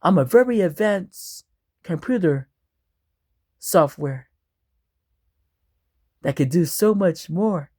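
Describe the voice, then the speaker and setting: A haughty machine voice of a self-aware motorhome, put on by a man telling a story. It talks in slow, clipped, prim sentences with a lively rise and fall, and the politeness turns into quiet menace. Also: high voice, slightly rough, no room sound, studio quality, exaggerated voice. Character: vengeful talking motorhome computer, touchy and menacing.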